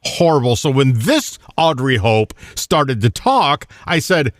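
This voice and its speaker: A man's voice: medium pitch, big pitch swings, takes it slowly, no room sound, studio quality. A man co-hosting a radio show, telling an exasperated story with swearing and laughing at himself. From the American South. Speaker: radio co-host. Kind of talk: casual radio banter.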